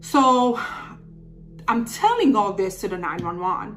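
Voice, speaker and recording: A woman in her thirties telling a story to camera in a lively, dramatic way. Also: mid-range voice, measured pace, faint music behind. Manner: animated, dramatic voices for quoted people.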